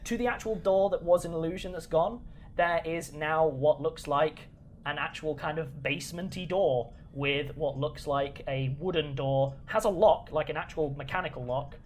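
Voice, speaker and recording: A woman's voice: low voice, moderate pace, a little mellow, slight background noise. A woman narrating as game master of a tabletop game, chatty and full of restarts.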